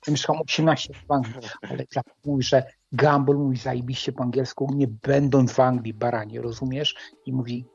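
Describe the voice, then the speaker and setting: A man's voice: mid-range voice, fairly even intonation, fast talker, gravelly, a little mellow, husky, no echo, highs cut off. A man from Poland in a heated casual argument in a group voice chat, swearing and repeating himself insistently.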